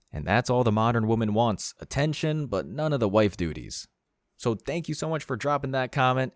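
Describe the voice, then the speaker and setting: A man's voice: lowish voice, no room sound, studio quality. A man hosting a commentary channel, reading scripted narration in a blunt, mocking way.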